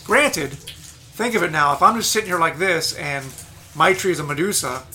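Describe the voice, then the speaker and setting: A man's voice: on the high side, lively intonation, normal speed, sharp tone, slight background noise. A man narrating as game master in a loose, rambling way.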